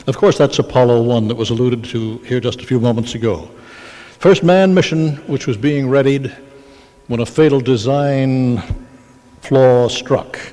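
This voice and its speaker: An older man narrates history for an audience in a measured, storytelling manner. His voice is warm and mellow. The sound carries a long reverb from a large hall. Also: medium pitch. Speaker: panel moderator.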